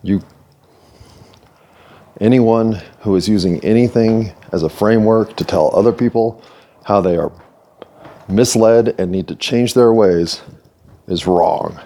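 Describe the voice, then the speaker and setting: Low, mellow-voiced American man musing. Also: a little slow, long pauses. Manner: earnest, musing, with playful asides. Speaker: video series host. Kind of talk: reflective monologue to camera.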